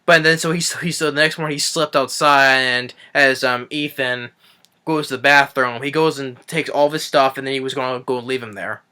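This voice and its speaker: Bright-voiced rambling man. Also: mid-range voice, fairly even intonation, moderate pace, smooth. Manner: rambling with frequent restarts and swearing. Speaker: movie reviewer. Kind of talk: casual spoken movie recap.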